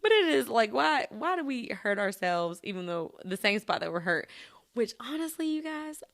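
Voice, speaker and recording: A woman's voice: a little high, big pitch swings, normal speed, gravelly, fairly bright tone. A woman hosting a casual solo podcast who chats and giggles and talks straight to her listeners. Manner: chatty, giggly, addresses listeners directly. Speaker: podcast host.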